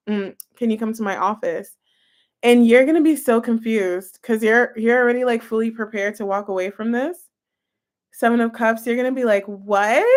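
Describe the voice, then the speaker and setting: A woman giving a casual tarot reading, chatty and excitable, talking straight to her viewers. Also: medium pitch, smooth. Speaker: tarot reader.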